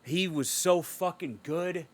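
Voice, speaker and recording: A man's voice: a little high, takes it slowly. A man co-hosting a podcast, chatting casually and swearing a lot as he tells emotional stories. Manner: animated, profane, emotional storytelling. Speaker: podcast co-host.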